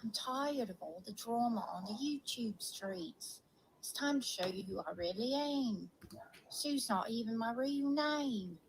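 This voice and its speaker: A woman voicing a grumbling female kangaroo vlogger with a put-on Australian accent, talking in a slow, rambling drawl from a played-back video clip. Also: on the high side, expressive, a little hiss or hum, rough recording. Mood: complaining.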